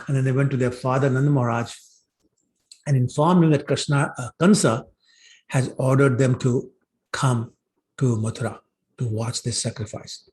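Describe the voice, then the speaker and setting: A man's voice: mid-range voice, steady tone, normal speed, long pauses, darkish tone. A man teaching a scripture class in a casual storytelling way, with many fillers, acting out what the characters say. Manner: conversational, many fillers like "you know", voices characters' lines. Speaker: class speaker.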